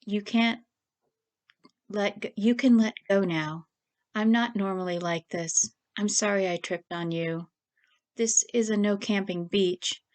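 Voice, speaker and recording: A woman voicing a grieving young woman who rambles nervously in long rushes. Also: mid-range voice, lightly acted. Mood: tearful.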